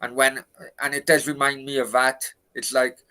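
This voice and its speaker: A man's voice: medium pitch, flat delivery, normal speed, pushed and bright, rough recording. A man co-hosting a casual football talk show from a hotel room, ranting and swearing about his club's transfers. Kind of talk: casual chat.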